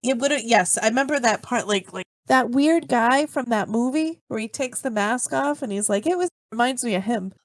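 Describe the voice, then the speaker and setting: A woman's voice: a little high, expressive, moderate pace, hardly any pauses, no echo. Hesitant woman with a dry, close sound. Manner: hesitant, searching for words. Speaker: podcast co-host. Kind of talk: casual chat.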